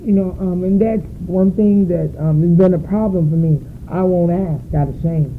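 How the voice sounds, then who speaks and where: A woman sharing her story at a recovery meeting, emotional and searching, often halting. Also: on the low side. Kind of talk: personal share at a meeting. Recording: tinny phone-like recording with faint noise.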